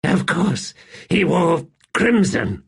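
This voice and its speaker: A man's voice: fairly high pitch, big pitch swings, slow, creaky, breathy edge, pitched above the performer's own voice, full character voice. A man voicing an anguished male warrior emperor who has just come back from death, speaking in strained, broken phrases.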